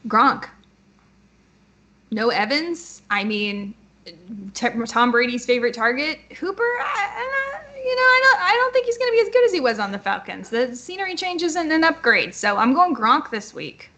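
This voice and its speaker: A female fantasy football analyst co-hosting a live stream. Her voice sits a little high, and she delivers picks decisively and bluntly. She makes her case plainly, then moves on. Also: very animated, normal speed, a bit bright. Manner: decisive, blunt opinions, laughs easily.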